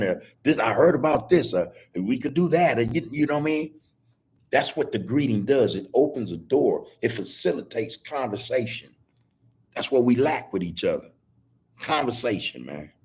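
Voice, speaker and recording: Husky-voiced man talking loose and heartfelt. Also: mid-range voice. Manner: loose, repetitive street talk, says "man" constantly. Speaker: podcast host. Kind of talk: casual heartfelt talk on a video call. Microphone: video call.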